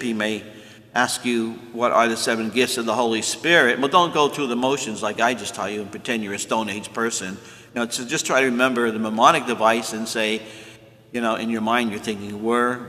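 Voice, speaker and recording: Male priest, catechism teacher, folksy and explanatory, bright tone, long church reverb. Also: mid-range voice. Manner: folksy, explanatory, self-made memory tricks. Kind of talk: teaching talk to confirmation students.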